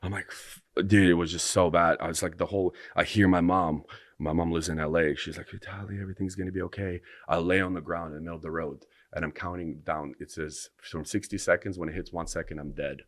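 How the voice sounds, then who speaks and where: A man's voice: low-pitched, fairly even intonation, a little fast, no room sound, clean studio sound. A man on a podcast telling a long personal story in a rambling way, full of restarts. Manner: rambling, breathless retelling with restarts. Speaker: podcast guest. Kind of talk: casual storytelling.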